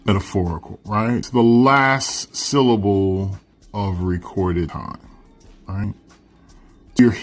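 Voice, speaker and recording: A man with a lowish voice, walking a class through a text at an unhurried pace. He keeps it conversational and checks in often with "right?" and "you know". Faint music plays underneath. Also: a little mellow, slightly rough. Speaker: teacher. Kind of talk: explaining a text in a recorded lesson.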